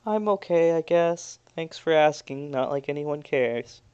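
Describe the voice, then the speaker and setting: A man's voice: high-pitched, sing-song, a little slow, a bit bright, dull audio, full character voice. A man voicing a boastful, theatrical young male student who turns timid at times, with grand proclamations and cackling laughs.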